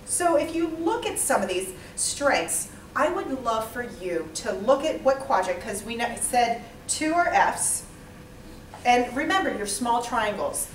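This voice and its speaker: A woman leading a small interactive training session, lively and quizzing the group. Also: a little high, a little hiss or hum. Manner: lively, asks the group questions, acts out types. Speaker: workshop trainer. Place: small training room with a few participants. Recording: echoey room, mic far off.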